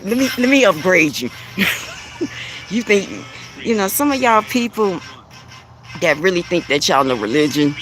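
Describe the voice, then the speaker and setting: A woman with a deep, bassy voice gives a spiritual coaching monologue, preachy and repetitive, chuckling between phrases. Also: a bit bright. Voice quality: deep voice with bass. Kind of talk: spiritual motivational monologue to camera.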